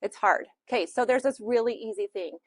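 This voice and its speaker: A woman's voice: fairly high pitch, a little fast, dry recording. A woman with a Utah accent teaching a social media class in a chatty, loose way with lots of fillers. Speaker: real estate social media instructor.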